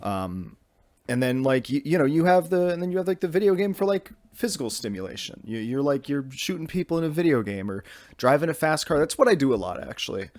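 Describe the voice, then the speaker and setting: A man's voice: fairly high pitch, sing-song, brisk, no room sound. A young man hosting a podcast from his bedroom, rambling casually with lots of fillers and restarts. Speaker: podcast host.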